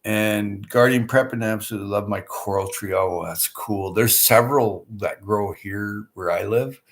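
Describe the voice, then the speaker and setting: A middle-aged man with a fairly low voice talks through a casual livestream, answering viewers. His delivery is loose and folksy, looping through fillers, repeated starts and asides. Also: normal speed. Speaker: livestream host. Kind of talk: casual chat reading viewer comments.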